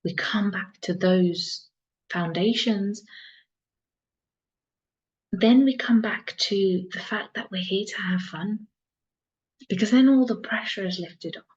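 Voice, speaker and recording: A woman mentor talking in an earnest, reflective monologue, soft-spoken and repeating phrases for emphasis. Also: medium pitch, takes it slowly, long pauses. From England. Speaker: soul mentor. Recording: dull lo-fi sound.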